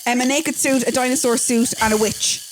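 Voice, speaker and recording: A woman's voice: high voice, fairly even intonation, brisk, background noise. A young woman co-hosting a podcast, flustered, swearing and laughing through a quiz. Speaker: podcast co-host. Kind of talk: casual chat. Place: small room, in a naked-body costume.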